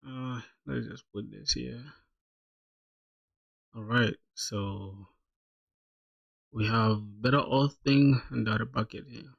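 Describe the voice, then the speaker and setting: Gravelly man thinking aloud while coding. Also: mid-range voice, fairly even intonation, takes it slowly, long pauses, muffled recording. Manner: thinks aloud, laughs often, says "bro" a lot. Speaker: streamer coding live. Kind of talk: casual live-coding stream chat.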